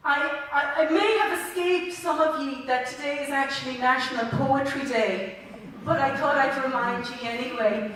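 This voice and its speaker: A woman's voice: high voice, normal speed, fairly bright tone, slight background noise. An Irish woman, a school principal, giving a heartfelt, chatty ceremony welcome speech with some stumbles, in a large indoor sports hall. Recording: echoey hall from far off.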